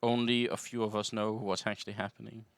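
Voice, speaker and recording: A man's voice: lowish voice, level tone, brisk, gravelly, clean tone, no echo. A man casting a live esports match, calling the action and trading dry, wry banter with his co-caster. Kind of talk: live play-by-play commentary.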